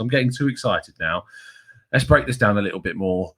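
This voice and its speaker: A young man hosting a football channel stream, rambling excitably and self-mockingly with frequent laughter. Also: medium pitch, moderate pace. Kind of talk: excitable live-stream reaction chat.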